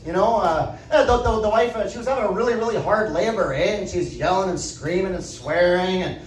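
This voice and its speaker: A high-voiced man performs a stand-up comedy set on a comedy club stage, telling stories deadpan and tagging lines with "right?". He talks fairly quickly, and the echoey club audio is recorded from a distance with a little hiss or hum.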